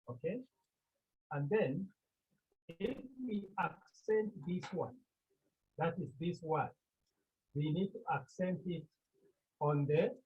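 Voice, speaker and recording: A man from Cameroon teaching a Greek class. He talks slowly and deliberately, repeats the key terms and asks the class questions. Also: fairly high pitch, darkish tone, breathy edge. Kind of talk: classroom lecture. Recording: muffled phone-like classroom recording.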